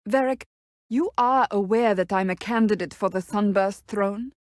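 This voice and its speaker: A woman's voice: mid-range voice, moderate pace, a little mellow, dry recording, studio quality, close to an everyday voice. An actress playing a stern, blunt female warrior in curt, formal video game companion dialogue.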